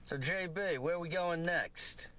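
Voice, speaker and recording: Game sidekick detective,, plain stock line, a bit higher voice. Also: male voice, slow, pushed and bright, slight background noise.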